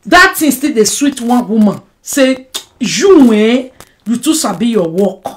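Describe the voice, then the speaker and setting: In an unhurried, roughly recorded clip, a woman vlogger with a Nigerian Pidgin accent talks to the camera about a rival in an animated personal monologue. Her delivery is emphatic, sprinkled with rhetorical "eh?" asides, and moves between loud bursts and low mutters.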